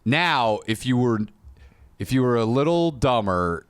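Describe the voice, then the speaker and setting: A man's voice: mid-range voice, lively intonation, a little slow, smooth, no room sound. A man co-hosting a podcast in crude, joking casual chat, laughing often. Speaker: podcast co-host.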